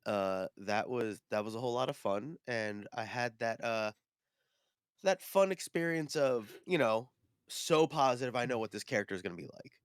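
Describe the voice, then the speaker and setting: A sniffly man chatting casually on a podcast, rambling through a story with lots of ums and restarts. His voice sits at a middle pitch. The sound is dry and close. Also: moderate pace, clear, resonant tone, no room sound. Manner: rambling, animated storytelling with many fillers. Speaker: podcast co-host. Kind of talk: casual chat.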